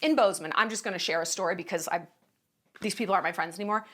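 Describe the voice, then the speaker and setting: A woman's voice: on the low side, rapid-fire, a bit bright. A woman giving casual opinion commentary in a blunt, profane and emphatic way, sarcastic and indignant. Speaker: commentary vlogger.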